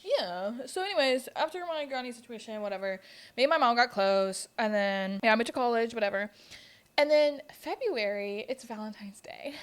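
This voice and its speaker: A young woman hosts a podcast, a little higher than most. She tells stories bluntly, swears freely and laughs through the telling, with quick asides. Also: lively intonation, clean tone. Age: 20s. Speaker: podcast host. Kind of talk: casual storytelling chat.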